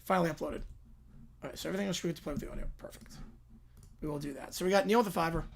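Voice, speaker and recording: Man quietly hosting a livestream. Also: fairly high pitch, racing, creaky, slight background noise. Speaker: livestream host. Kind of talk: casual livestream chat.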